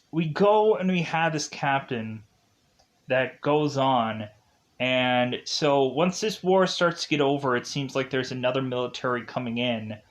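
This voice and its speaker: A man reviewing a film, retelling the plot in a rambling, casual way with many fillers. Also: medium pitch.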